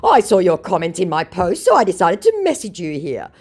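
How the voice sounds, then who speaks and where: A woman's voice: fairly low pitch, huge pitch swings, brisk, a little mellow, pitched above the performer's own voice, heavily acted. A woman putting on a wheedling male scammer. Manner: wheedling, overly sweet. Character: pushy male online romance scammer.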